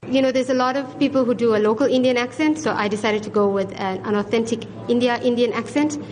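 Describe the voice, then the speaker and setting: A woman's voice: a little high, steady tone, quick pace, darkish tone, long reverb tail, poor audio. A middle-aged woman chatting openly in an interview. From South Africa. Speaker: restaurateur and singer, interviewee. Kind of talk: interview answers.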